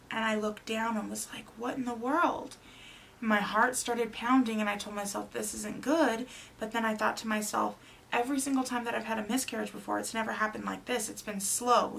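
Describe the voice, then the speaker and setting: A woman's voice: medium pitch, gravelly, a little hiss or hum. A young woman casually telling a personal story, acting out the dialogue with animation. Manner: animated, acts out dialogue in quotes. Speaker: vlogger.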